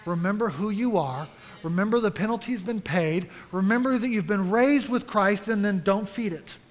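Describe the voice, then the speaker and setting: Male pastor, high voice, earnest sermon with questions to the flock, reverberant church hall. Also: normal speed. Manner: earnest, direct, asks the congregation questions.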